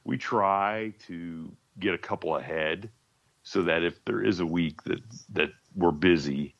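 A man's voice: deep voice, measured pace, creaky, a bit bright, no echo, dull audio. A man as a podcast guest, chatting in an easygoing, rambling way. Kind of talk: casual chat.

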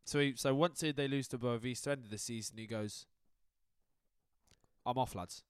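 A man's voice: medium pitch, quick pace, clear, resonant tone, no room sound, studio quality. A man co-hosting a podcast, chatting about football in a casual, sweary, joking way. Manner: swearing, laughing banter. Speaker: podcast co-host.

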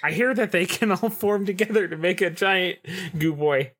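A woman's voice: on the low side, normal speed, fairly bright tone. A woman playing a tabletop game, teasing the others and laughing often. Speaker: player. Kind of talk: casual role-play banter.

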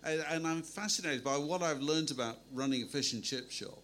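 A man interviewing a guest, speaking haltingly and repeating words as he gets started. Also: a little high, a bit bright, a little hiss or hum. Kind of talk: conversational interview.

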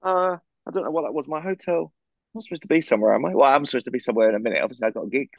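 Brief: male co-host, fast animated anecdote, heard over a dull-sounding video call. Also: mid-range voice, gravelly, no room sound. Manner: rambling, animated, fast anecdote-telling with restarts. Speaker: podcast co-host. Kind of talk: casual storytelling chat. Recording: slightly muffled video call audio.

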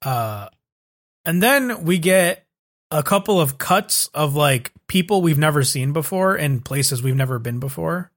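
Young man recapping, pitched a touch high. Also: lively intonation, unhurried. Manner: loose and profane, filler-heavy. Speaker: podcast host. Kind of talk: casual recap chat.

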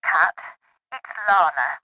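Lady doing a blunt swearing young friend on the phone, super bright voice, dry studio sound. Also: low voice, slow, no echo, exaggerated voice, rough recording. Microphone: studio microphone, audiobook.

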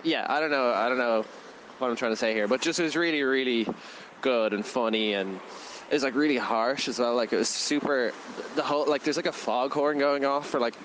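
A man's voice: medium pitch, brisk, a bit bright, slight background noise, poor audio. A man, co-hosting a casual film review podcast and rambling through his thoughts with lots of fillers. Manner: rambling, full of "like" fillers, laughs often.

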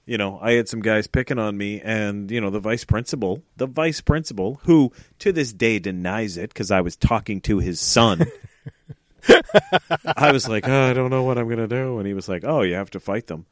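A man's voice: fairly low pitch, moderate pace, no room sound, clean studio sound. A man in his forties chatting casually as a podcast co-host, telling stories with acted-out voices and frequent laughs. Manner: animated storyteller, laughs often, acts out voices. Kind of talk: casual chat.

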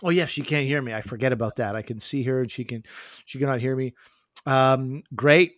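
A man's voice: medium pitch, fairly quick, no room sound, studio quality. A man co-hosting a podcast, chatting casually and telling rambling, teasing stories. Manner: rambling, teasing, animated storytelling. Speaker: podcast co-host. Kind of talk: casual chat.

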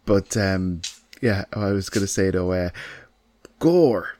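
A man's voice: deep voice, lively intonation, takes it slowly, a little mellow. A man co-hosting a casual film chat, rambling and restarting his thoughts as he goes. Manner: rambling, lots of fillers and restarts. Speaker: podcast co-host. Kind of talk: casual chat about films.

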